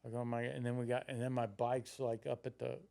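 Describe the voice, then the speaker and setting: Casual and meandering, this sixty-something podcast guest from Florida, United States, curses freely while reenacting what he said as a younger man. His voice is mid-pitched, level, gravelly and mellow, moving at a fairly quick clip.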